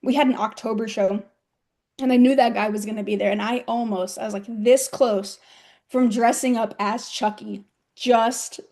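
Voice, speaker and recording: A woman's voice: fairly high pitch, steady tone, moderate pace, a little mellow. Chatty young American woman wrestler. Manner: giggly, chatty storytelling. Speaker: professional wrestler guest. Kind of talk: casual interview chat.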